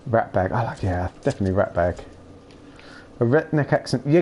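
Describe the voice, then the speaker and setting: A young man chatting casually and playfully with his live chat while streaming a game, rambling and breaking into silly shouts. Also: medium pitch, expressive, normal speed.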